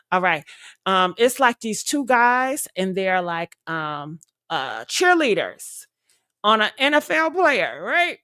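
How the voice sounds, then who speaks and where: A woman's voice: on the high side, fairly bright tone, dry recording, clean studio sound. A young woman streamer chatting casually and loosely to her viewers, rambling with fillers and laughter. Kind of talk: casual live-stream chat.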